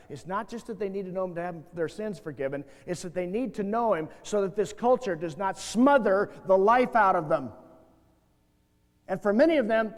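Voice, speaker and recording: Man, middle-aged, high-pitched, animated storyteller, impassioned talk, long hall reverb. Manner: animated storyteller who acts out quoted voices. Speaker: seminar speaker for youth workers. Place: large church hall with audience. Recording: reverberant hall, glitchy VHS tape transfer.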